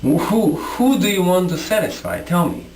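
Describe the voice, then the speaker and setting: Male vlogger, combative rant to camera, lively swinging pitch, echoey room. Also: moderate pace, slight background noise. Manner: confrontational, repetitive, rhetorical questions. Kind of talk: impassioned monologue to camera.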